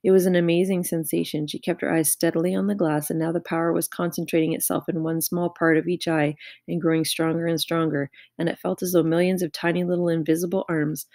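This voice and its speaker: A woman narrating a children's novel aloud with steady, expressive storytelling. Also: low-pitched, no room sound, clean studio sound. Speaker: audiobook reader.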